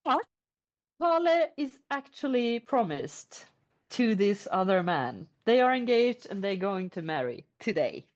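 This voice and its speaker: A woman's voice: mid-range voice, sing-song, a little slow. A woman voicing a kindly middle-aged father who explains things apologetically. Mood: apologetic. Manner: apologetic, reasoning. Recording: lo-fi podcast audio.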